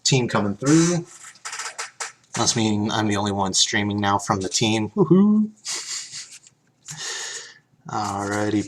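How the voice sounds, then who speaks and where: A man's voice: medium pitch, noisy background. Chatty man streaming pack openings. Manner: chatty, reads card text aloud, thanks viewers, laughs easily. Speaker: streamer opening card packs. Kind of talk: casual live-stream chat.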